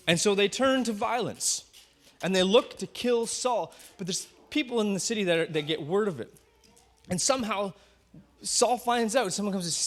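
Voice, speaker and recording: A pastor retelling a story from the pulpit in an animated sermon, acting out each character. His voice sits fairly high for a man and swings widely in pitch. He builds scenes with energy and rhythm. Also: unhurried, long pauses.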